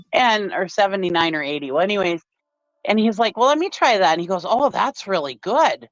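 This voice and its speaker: A woman's voice: mid-range voice, animated, normal speed, no echo, dull audio. A woman hosting a casual livestream chat, telling rambling family stories and laughing often. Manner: chatty storyteller, laughs often. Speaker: host.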